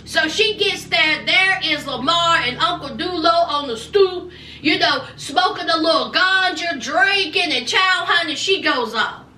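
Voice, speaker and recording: A woman's voice: extremely high pitch, unhurried, reverberant, recorded from a distance, a little hiss or hum. A woman, casually recapping a reality show, acting out people's lines and using folksy slang. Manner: animated, acts out people's lines in voices; folksy slang, "honey", "child". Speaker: recap vlogger.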